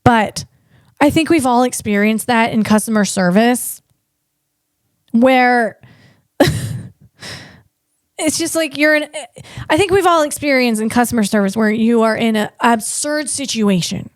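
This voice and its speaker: A woman comedian hosting a tech podcast, talking in an animated way and tripping over her words. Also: on the high side, a little slow, long pauses, no room sound, clean studio sound. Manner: animated, stumbling over words, acts out voices.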